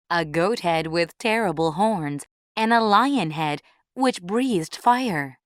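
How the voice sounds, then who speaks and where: Clear, unhurried female story reader, lowish voice, dry studio sound. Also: no echo. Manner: clear, measured read-aloud. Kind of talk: storybook reading for English learners.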